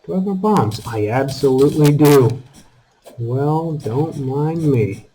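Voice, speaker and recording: A man's voice: unhurried, a little hiss or hum, poor audio. Chatty man narrating his gameplay. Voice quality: calls his own voice squeaky. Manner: animated, talks to enemies, jumps to high exclamations. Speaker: gaming channel host. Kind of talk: casual gameplay commentary.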